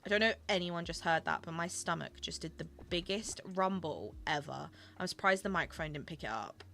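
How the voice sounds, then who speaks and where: A woman's voice: on the low side, fairly quick, gravelly, pushed and bright, a little hiss or hum. A young woman chatting casually with her viewers while she plays and streams a game, gushing over small things.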